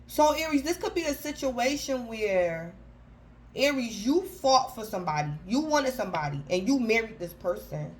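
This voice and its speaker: A woman's voice: fairly high pitch, big pitch swings, normal speed, slight background noise, low-quality recording. Chatty woman giving a tarot reading. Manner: chatty, keeps calling out the sign by name; informal slangy phrasing with frequent restarts. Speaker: tarot reader. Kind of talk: casual tarot reading to camera.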